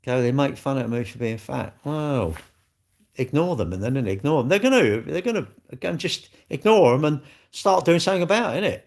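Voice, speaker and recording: Replying to viewer comments in a casual stream, a blunt host rambles on, restarting often and laughing as he goes. His mid-range voice is expressive and brisk, with vocal fry and a darkish tone.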